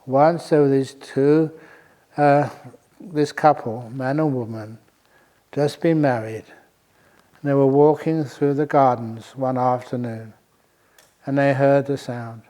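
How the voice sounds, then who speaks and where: A man's voice: mid-range voice, steady tone, takes it slowly, long pauses, warm tone. An older man, a monk, giving a dharma talk to a retreat audience, telling a humorous story and often chuckling. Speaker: monk teacher.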